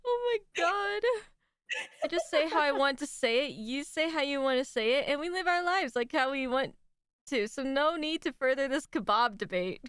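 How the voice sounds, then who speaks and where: Brief: high-pitched woman, German native, teasing banter, dry close sound. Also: expressive, normal speed, fairly bright tone, no room sound. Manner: teasing, laughs a lot. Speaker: streamer. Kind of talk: casual stream chat.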